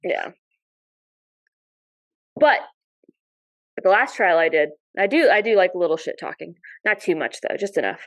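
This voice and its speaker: A woman guest on a podcast, telling lively stories in casual chat with some mild swearing. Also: fairly low pitch, moderate pace, pauses often, poor audio. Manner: animated storyteller, mild swearing. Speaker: podcast guest, dog sport competitor.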